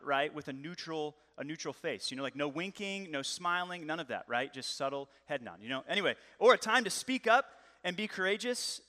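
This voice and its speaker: A man in his thirties, a pastor preaching a lively, joking, conversational sermon. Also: on the high side. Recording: long hall reverb.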